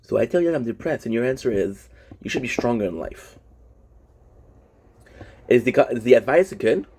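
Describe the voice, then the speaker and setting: A man's voice: medium pitch, lively intonation, normal speed, a little mellow, husky. A young man whose first language is French, venting casually and frankly to his vlog audience, swearing often and restarting his sentences. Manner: frank, profane, rambling with frequent restarts. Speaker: vlogger. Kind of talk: casual personal venting monologue.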